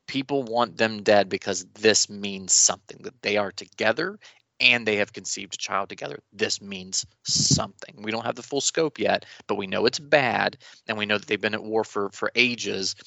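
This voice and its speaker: A man co-hosting a podcast in casual chat, rambling and animated with many restarts. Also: on the low side, moderate pace, gravelly, no echo. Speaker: podcast co-host.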